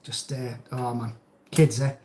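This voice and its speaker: A middle-aged man with a Geordie accent, hosting a live stream in a relaxed, rambling, jokey way as he reads out viewers' comments at home. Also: medium pitch, measured pace. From North East England. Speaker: channel host. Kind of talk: casual live-stream chat reading comments. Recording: roomy echo.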